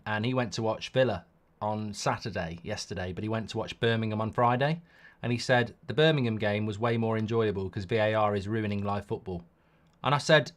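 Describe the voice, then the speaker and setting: A middle-aged man hosting a live football watchalong, talking in an opinionated, rambling way with quick restarts. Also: lowish voice, fairly bright tone. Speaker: host.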